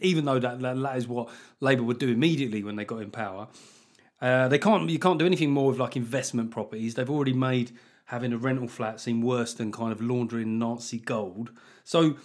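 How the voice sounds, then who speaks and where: A man's voice: mid-range voice, fairly quick. A man hosting a comedy podcast, delivering a sardonic, sweary monologue with lots of laughter.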